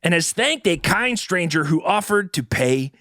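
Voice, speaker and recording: A man's voice: high-pitched, very animated, moderate pace, pushed and bright, no echo, clean studio sound. A man hosting a comedy podcast, reading a news story aloud in an over-earnest announcer manner. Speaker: podcast host. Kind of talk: comedic mock-news talk show.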